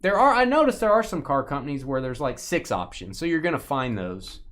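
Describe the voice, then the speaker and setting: A man's voice: mid-range voice, big pitch swings, brisk, a bit bright. A man hosting a live sports card break stream, chatting casually, joking and rambling with a co-host and viewers. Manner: joking, rambling, reads viewer chat aloud.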